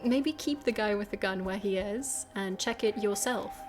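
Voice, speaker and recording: A woman's voice: medium pitch, moderate pace, music in the background. A woman streaming a game, chatting casually, laughing and swearing as she plays. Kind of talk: let's play commentary.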